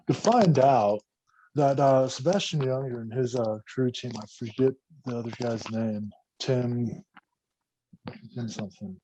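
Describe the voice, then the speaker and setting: A man, an army veteran guest on a podcast, telling war stories in a casual, profane, animated way. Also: medium pitch, unhurried, no room sound, poor audio. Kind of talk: casual storytelling.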